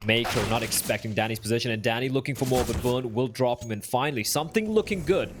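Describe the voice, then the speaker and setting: Excitable man casting esports play-by-play. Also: mid-range voice. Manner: excitable, rising fast during big plays. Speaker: esports caster. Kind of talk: play-by-play commentary. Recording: faint noise and game gunfire behind.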